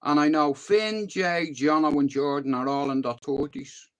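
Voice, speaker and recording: An Irish man in his fifties rambles through a YouTube livestream, repeating himself often and swearing casually. His voice sits fairly high, with a steady tone, a moderate pace and a smooth delivery.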